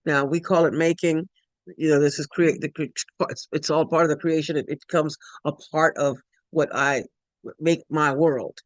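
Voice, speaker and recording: A woman's voice: sits low, fairly even intonation, normal speed, no room sound. A woman giving a spiritual talk, emphatic and repetitive, often restarting her sentences. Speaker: spiritual speaker.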